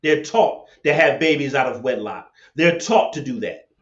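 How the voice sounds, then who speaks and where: A man hosts a livestream rant and call-in debate from a laptop webcam, confrontational and preachy, repeating his points over and over. His mid-range voice is expressive at a normal speed, and the lo-fi webcam audio sounds dull and echoey.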